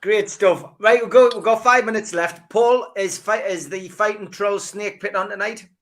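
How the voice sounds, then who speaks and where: A man's voice: high-pitched, steady tone, moderate pace, a bit bright. A man hosting a live stream, chatting casually and often repeating his words.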